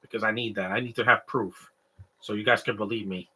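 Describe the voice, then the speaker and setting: A young man from Canada co-hosting a live stream, rambling through casual comedic chat. His voice is very bright and husky, and his talk is animated and digressive. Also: on the low side, fairly quick. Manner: rambling, animated, mimics stutters and sobbing noises.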